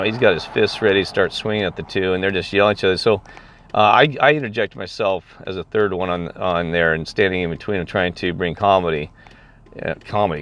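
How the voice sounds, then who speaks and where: A man's voice: low-pitched, a bit bright. A man vlogging, telling a story in a rambling way, full of restarts and self-corrections, and talking to his viewers as folks. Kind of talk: casual storytelling monologue. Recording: noisy background hum.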